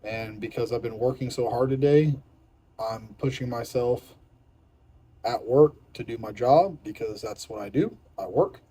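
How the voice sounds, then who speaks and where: A young fitness vlogger on a strict diet talks to camera, hungry, irritable, frank, and repeating himself. His mid-range voice is husky and dark-toned, a little slow. The recording is rough.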